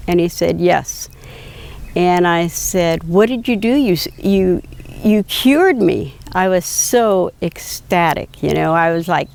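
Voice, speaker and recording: Older lady, low and kinda gravelly, talks slow, tells her story with lots of ums. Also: expressive, a little mellow. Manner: slow, reflective, quoting dialogue with hesitations. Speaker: patient telling her story. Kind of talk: personal storytelling.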